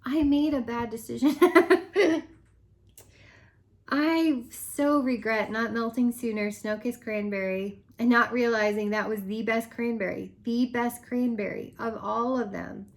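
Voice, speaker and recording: Animated woman with a higher voice. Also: normal speed, hardly any pauses. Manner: animated, laughs often, drops to dramatic whispers. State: losing her voice. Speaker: direct-sales consultant. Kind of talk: casual vlog rant.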